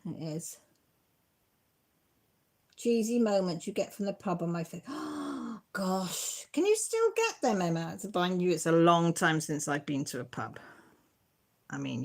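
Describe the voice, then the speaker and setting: A woman's voice: on the low side, measured pace, gravelly, long pauses, slightly rough. Giggly middle-aged woman chatting. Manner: giggly, self-deprecating, chatty. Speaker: live stream host. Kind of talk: casual live chat reading viewer comments.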